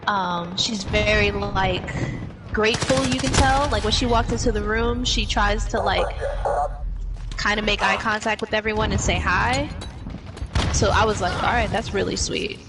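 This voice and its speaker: A woman's voice: medium pitch, fairly even intonation, normal speed. A woman in casual chat, telling an anecdote with lots of fillers like "um" and "like". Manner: chatty, filler-heavy, laughing. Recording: loud game noise behind.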